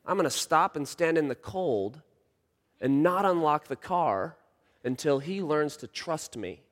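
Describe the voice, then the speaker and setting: A man in his thirties preaching a sermon, telling a story and swinging from hushed lines to shouts. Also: fairly high pitch, expressive, a little slow. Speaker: pastor. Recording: long reverb of a large hall.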